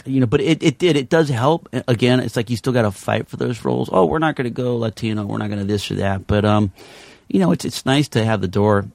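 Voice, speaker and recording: A man's voice: mid-range voice, fast, creaky, no echo, studio quality. A man telling stories as a guest on a casual podcast, acting out quotes and swearing freely. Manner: animated storyteller, acts out quotes, swears freely. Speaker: actor guest.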